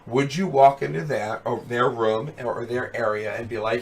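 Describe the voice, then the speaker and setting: A young streamer hosting a web show chats casually with viewers through a headset, his voice hoarse and worn. Medium-pitched and expressive, he talks a little fast with hardly any pauses. He rambles, leaning on fillers like "you know what I mean" and calling viewers dude and brother.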